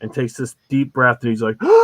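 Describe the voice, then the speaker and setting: Man, guest, casual storytelling, rambling with fillers, mid pitch, dry sound. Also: sharp tone, no echo, highs cut off. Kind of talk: casual chat, anecdotes.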